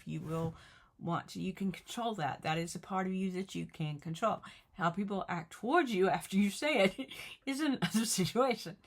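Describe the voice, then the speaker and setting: A middle-aged woman, giving an earnest, chatty motivational talk to the camera and repeating her phrases. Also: on the low side. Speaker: vlogger.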